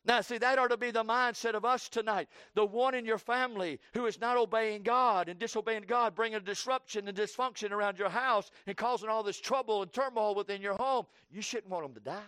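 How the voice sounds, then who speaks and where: A man preaching a sermon with fervor, swinging between loud cries and hushed tones and repeating his phrases for emphasis. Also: high voice, a little fast, few pauses, clean tone, no echo, studio quality.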